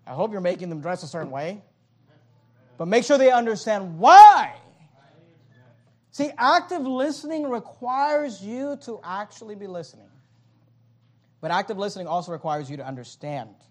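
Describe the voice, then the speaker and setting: A man with a high, bright speaking voice preaches a sermon. He is animated and joking, and breaks off into quick acted-out voices before returning to his numbered points. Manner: animated, joking asides, acts out voices of others. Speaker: pastor.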